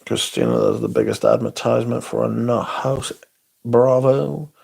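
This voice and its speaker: Male stream host, mid-pitched with a gravelly edge, sweary and sardonic. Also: huge pitch swings, moderate pace, a little mellow. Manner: sweary, sardonic, reads chat aloud. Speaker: livestream host. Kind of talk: casual livestream chat.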